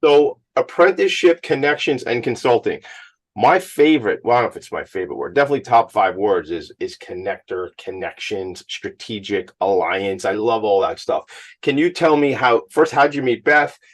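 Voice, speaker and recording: A man's voice: fairly low pitch, animated. A man hosting a radio talk show on location, speaking with effusive enthusiasm. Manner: enthusiastic, effusive, rapid talker. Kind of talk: casual radio interview. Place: on location at a high school.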